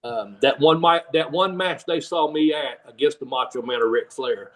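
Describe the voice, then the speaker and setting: An older man with a drawl, a former pro wrestler and trainer appearing as a guest, tells a long, rambling story in a relaxed interview at a moderate pace. His voice is a bit high for a man, and he often laughs while acting out the fans he quotes. The rough recording was made from a distance.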